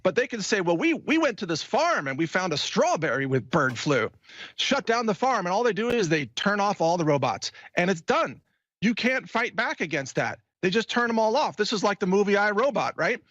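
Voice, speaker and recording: A man's voice: high-pitched, sing-song, normal speed, a bit bright, no echo. A man speaking emphatically and indignantly, heard from a dull played clip. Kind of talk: casual chat.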